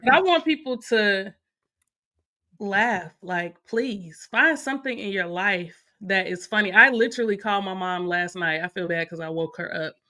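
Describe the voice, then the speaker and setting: A woman co-hosting a morning show in casual chat, animated and laughing often as she talks. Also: medium pitch, moderate pace.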